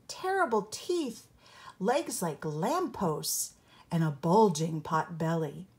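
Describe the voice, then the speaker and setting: Slow, husky older woman reading a storybook. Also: on the low side. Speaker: storybook reader. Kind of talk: read-aloud children's story narration.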